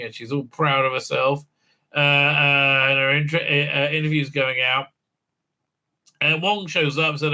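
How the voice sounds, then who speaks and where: Man, very bright tone, somewhat high voice, sarcastic, rambling review chat, lots of fillers. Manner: digressive, sarcastic, many filler sounds. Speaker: YouTube reviewer. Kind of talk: rambling casual recap and review.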